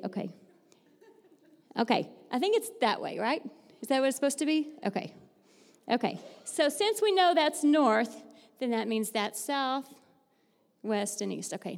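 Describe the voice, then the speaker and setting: Chatty high-voiced woman in teacher voice. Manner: teacher-voice, upbeat and chatty, laughs easily. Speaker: fourth-grade teacher giving a church talk. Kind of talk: lively church devotional with audience participation. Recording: long hall reverb.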